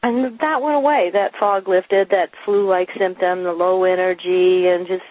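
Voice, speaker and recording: A woman's voice: fairly low pitch, fairly even intonation, measured pace. A woman, a coach, telling her personal story candidly and earnestly, acting out the dialogue of the past. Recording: muffled lo-fi recording.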